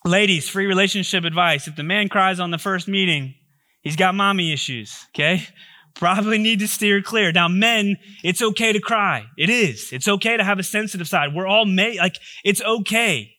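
A man's voice: high-pitched, normal speed, sharp tone, no room sound, clean studio sound. A male pastor giving a sermon in a humorous, conversational way with joking asides.

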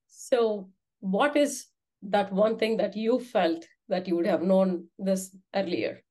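A woman's voice: mid-range voice, takes it slowly, warm tone. A woman hosting a podcast, asking her guest questions in a conversational way. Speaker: podcast host. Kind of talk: podcast interview.

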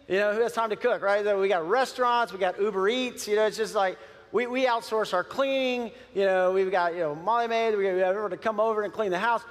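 A man, a pastor, preaching a sermon in a conversational, animated way with many fillers and restarts. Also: very high-pitched, big-room sound. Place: church sanctuary.

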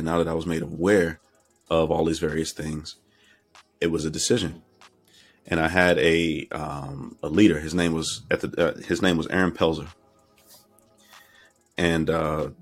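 A middle-aged man from Florida, candidly recounting his life story as an interview guest and acting out remembered conversations. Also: very deep voice. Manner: candid, reflective, acts out remembered dialogue. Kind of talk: personal storytelling.

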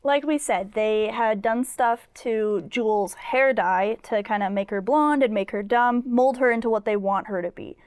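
A woman's voice: a little high, moderate pace, hardly any pauses, darkish tone, smooth, no room sound. A young woman co-hosting a podcast, retelling a film in a rambling casual chat full of "like" fillers. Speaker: podcast co-host.

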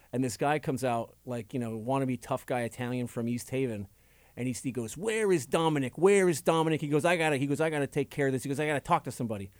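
A man telling stories in a casual chat, animated and swearing freely. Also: medium pitch, dry recording. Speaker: comedian guest.

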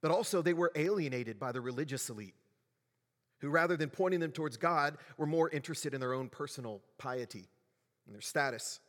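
With a somewhat high, fairly bright voice and a slightly quick pace, a male pastor delivers a conversational sermon, frequently putting questions to the congregation. The long reverb of a large hall surrounds him.

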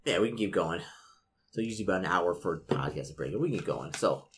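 A man runs a gamebook session for a podcast. His voice sits on the low side but swings widely in pitch as he narrates, and his delivery is relaxed and expressive. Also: a little fast, a little hiss or hum. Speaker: game master. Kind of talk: reading a gamebook aloud in a casual podcast.

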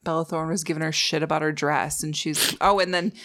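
A woman's voice: deep voice, fairly even intonation, a little fast, a bit bright. A woman co-hosting a movie podcast, giggling often in casual chat. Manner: giggly, sings snatches of songs. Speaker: podcast co-host.

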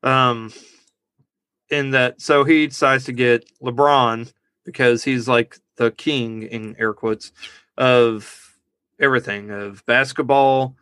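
Casual podcaster, male, bright and forceful delivery, dry close mic, giggles through his own stories. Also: mid-range voice, steady tone, takes it slowly, clear, resonant tone, no echo. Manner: laughs at his own jokes, rambling. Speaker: podcast co-host. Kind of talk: casual movie review chat.

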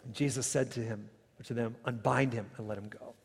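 A male pastor delivering a sermon in a church, moving from quiet asides to rising, emphatic preaching. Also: mid-range voice, fairly even intonation, a little fast, creaky, husky. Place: church sanctuary. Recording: long reverb of a large hall.

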